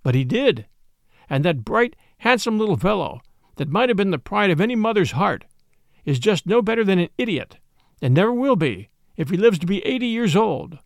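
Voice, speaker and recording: A man's voice: high-pitched, sing-song, normal speed, creaky, no room sound, clean studio sound, full character voice. A man voicing an earnest adult groom who speaks with grieved, indignant reproach.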